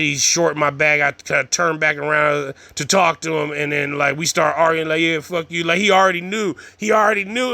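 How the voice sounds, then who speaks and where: A man with a fairly high, gravelly voice and a bright, sharp edge tells a loose, animated story. He swears freely and drops slang as he rambles on. The sound is dry and close. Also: no room sound. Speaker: vlogger.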